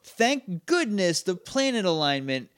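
A man's voice: high-pitched, big pitch swings, a little slow, a bit bright, clear, resonant tone, no room sound, clean studio sound. A man co-hosting a podcast, chatting casually about a TV episode with wry, sarcastic asides. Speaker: podcast co-host. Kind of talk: casual chat recapping a TV episode.

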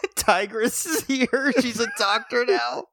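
A man's voice: very high-pitched, a little slow, creaky, pushed and bright, no room sound, studio quality. A man co-hosting a podcast, adding joking asides and laughing often as he helps recap an episode. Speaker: podcast co-host. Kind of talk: casual chat recapping a show.

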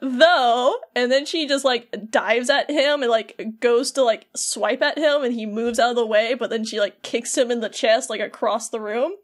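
Animated woman recapping a game. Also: fairly high pitch, normal speed, few pauses. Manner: animated storytelling, full of "like". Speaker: podcast co-host. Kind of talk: casual game recap chat.

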